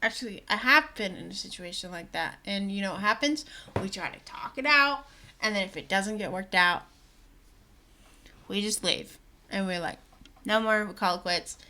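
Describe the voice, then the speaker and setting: A woman's voice: medium pitch, animated, moderate pace, sharp tone, a little hiss or hum. A young adult woman vlogging her opinions to camera, chatty and indignant, with sarcastic asides.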